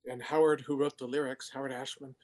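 Halting older man telling studio stories. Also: medium pitch, flat delivery, a little mellow. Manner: halting, many fillers, acts out quotes. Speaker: guest animator. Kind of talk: casual storytelling.

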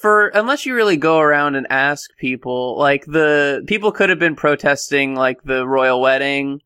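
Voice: mid-range voice, lively intonation, moderate pace, pushed and bright, clear, resonant tone, no echo. A podcast co-host in casual chat, teasing with dry jokes.

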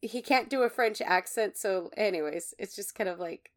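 A woman's voice: medium pitch, moderate pace. A woman co-hosting a podcast in casual chat, making wry, dry remarks. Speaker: podcast co-host.

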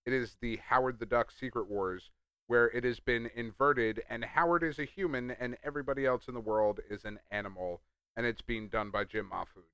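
Upbeat man with a smooth, dry voice. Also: mid-range voice, steady tone, a little fast, pushed and bright, no echo. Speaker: podcast co-host. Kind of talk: casual chat.

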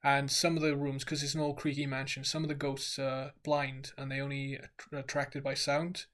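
A man co-hosting a casual podcast, telling animated stories and acting out sounds. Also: medium pitch, moderate pace. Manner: animated storyteller, acts out sounds. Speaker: podcast co-host. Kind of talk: casual chat.

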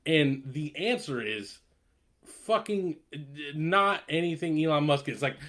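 Brief: man, casual podcast rant, bright edge to the voice, swears freely. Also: a little high, animated, slow. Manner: ranting, profane, laughing often. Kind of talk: casual chat.

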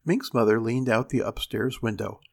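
A man narrating a story aloud in an expressive reading style, giving the characters their voices. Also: medium pitch, moderate pace, vocal fry, breathy edge.

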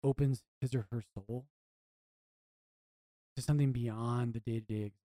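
A man's voice: mid-range voice, fairly even intonation, moderate pace, mellow, no echo. A man, a priest co-hosting a podcast, talking earnestly and reflectively, often restarting his phrases. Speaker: priest co-host.

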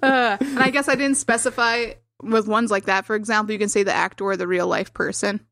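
A woman's voice: medium pitch, steady tone, a little fast, fairly bright tone, no room sound. Upbeat woman hosting a quiz, dry sound. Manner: laughs often, upbeat quizmaster. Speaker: podcast co-host running a quote quiz. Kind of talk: casual podcast chat.

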